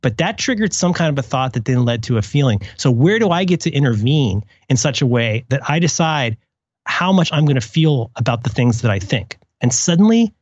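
A man's voice: mid-range voice, animated, brisk, darkish tone, no echo. Male podcast host, wry, musing, casual; dry, slightly dull recording. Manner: musing, self-correcting, wry. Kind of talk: casual chat.

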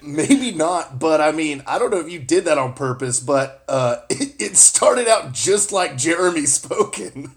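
A man with a slightly high voice chats in an unhurried, halting way, laughing through his jokes and losing his thread. He is recorded on a cell phone among friends. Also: expressive. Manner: laughing, hesitant, trips over his own jokes. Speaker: participant taking turns singing verses. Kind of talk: casual joking chat.

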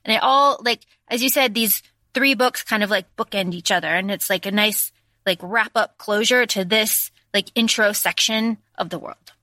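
A woman co-hosting a book podcast, recapping the plot in animated casual chat with many fillers. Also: mid-range voice, moderate pace, dry recording. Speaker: podcast co-host.

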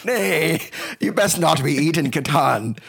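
A man voicing a bumbling, cheerful male pirate shipmate in an improv comedy skit, in mock pirate grammar with halting restarts. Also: a little high, expressive, vocal fry, a bit bright, slightly rough, full character voice. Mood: playful.

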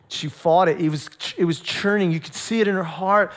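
A male pastor with a notably high voice, preaching in a lively storytelling manner. He drops into acted voices and quotes, then returns to direct exhortation. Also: a little fast, hardly any pauses. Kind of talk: sermon.

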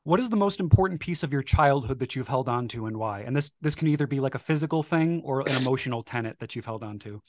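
A man hosting a podcast, asking prepared interview questions in a measured way and reading a closing outro. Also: mid-range voice, animated, no room sound, studio quality. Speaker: podcast host.

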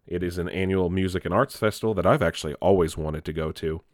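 A man's voice: low voice, fast talker, no echo, studio quality. A young man hosting an entertainment news show in a chatty, casual style, swearing freely and laughing at his own jokes.

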